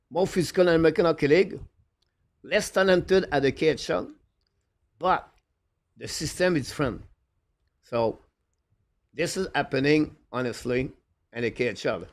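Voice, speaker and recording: A man hosting a live hockey stream, reading viewer comments in broken English with constant "uh" fillers. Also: mid-range voice. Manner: halting, full of "uh" fillers; broken, non-native English phrasing. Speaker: live show host.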